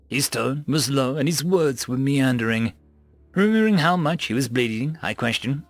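A man reading a first-person action story aloud in a steady, expressive manner. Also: medium pitch, normal speed, dry recording, soft background music. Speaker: story reader.

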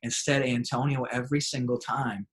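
A man's voice: medium pitch, moderate pace. A young adult man, a pastor and author, telling stories animatedly in an interview. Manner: animated storyteller, acts out excited voices. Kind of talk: interview storytelling.

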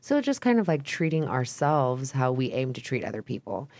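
A young woman from Idaho guests on a podcast, her rumbling low, darkish voice swinging widely in pitch at a normal pace. She rambles through casual chat full of "like" and "um," swearing openly.

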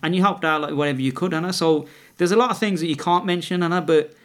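Middle-aged guy on a podcast, talks really fast, rambly, keeps restarting and tagging on questions. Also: on the high side, a bit bright. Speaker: podcast guest. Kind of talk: casual conversational storytelling.

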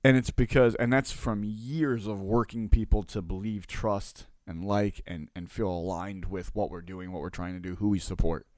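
Low-voiced man telling a story, dry sound. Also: moderate pace, hardly any pauses, no room sound. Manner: animated, acts out dialogue, constant "right?" tags. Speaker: coach and online marketer. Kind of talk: casual storytelling monologue.

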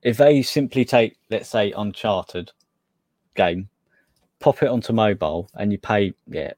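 A man's voice: fairly low pitch, expressive, measured pace, a little mellow, no echo. A man co-hosting a casual gaming podcast, hesitant and correcting himself as he talks. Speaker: podcast co-host. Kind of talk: casual gaming news chat.

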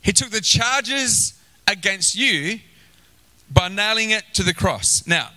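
A male pastor preaching a sermon, animated, acting out inner voices and exclaiming. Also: high voice, slow, low-quality recording.

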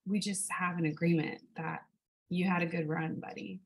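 A young woman from California, chatting casually and telling an animated story, swearing and laughing often. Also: lowish voice, normal speed, vocal fry, background noise. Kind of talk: casual chat.

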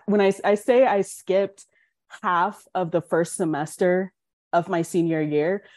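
Young woman guest, low-pitched, frank storyteller, dry studio sound. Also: unhurried, no echo. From Colorado. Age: young adult. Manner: frank, animated, acts out quoted dialogue. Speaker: podcast guest, student. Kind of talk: candid interview storytelling.

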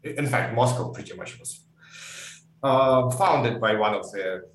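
A man's voice: mid-range voice, unhurried, fairly bright tone. A man from Ukraine, a Russian speaker, giving thoughtful, hedging answers in an interview. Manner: thoughtful, hedging often with "I think". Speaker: guest. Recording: echoey room, distant mic, faint hum.

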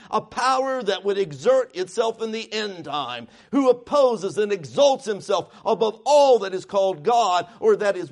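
A man preaches a sermon in a notably high voice. He is emphatic and keeps asking his listeners questions. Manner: emphatic, asks the congregation questions.

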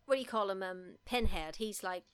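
A woman's voice: medium pitch, fairly quick, clean tone. A woman co-hosting a podcast, chatting casually and rambling with dry humour. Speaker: podcast co-host. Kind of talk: casual chat.

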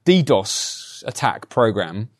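A man's voice: on the low side, big pitch swings, slow. A man giving a conversational sermon, telling personal stories and often adding tag questions like "right?". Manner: chatty, anecdotal, frequent tag questions. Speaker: preacher.

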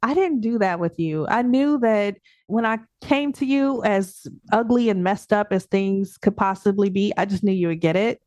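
A woman coaching client and coach speaking in a casual podcast interview, animated and laughing often as she acts out her own thoughts. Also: medium pitch, normal speed, hardly any pauses, no echo, clean studio sound.

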